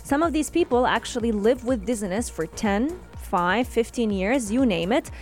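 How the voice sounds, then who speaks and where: A woman co-hosting a radio show, explaining news stories in a relaxed conversational way. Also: fairly high pitch, moderate pace, soft background music. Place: radio studio. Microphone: studio microphone.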